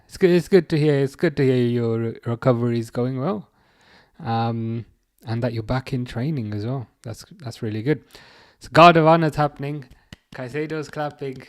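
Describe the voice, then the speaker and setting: A man hosting a live football watchalong, reading chat messages aloud and answering them in a chatty, halting way full of fillers and restarts. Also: medium pitch. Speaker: livestream host reading chat.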